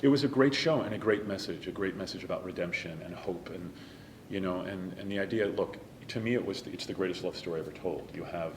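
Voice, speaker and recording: Deep-voiced earnest male stage actor. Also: fast, echoey room, slight background noise. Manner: earnest and emotional, some lines softly whispered. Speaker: interview guest, stage actor. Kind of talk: reflective interview talk.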